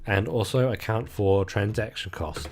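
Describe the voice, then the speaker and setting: A man's voice: fairly low pitch, animated, normal speed, a little hiss or hum. A young man hosting his own podcast alone, talking casually and rambling, with lots of fillers and casual swearing, a bit of a cough coming on. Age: young adult. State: getting a cough. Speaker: podcast host. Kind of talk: casual solo podcast talk. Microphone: microphone.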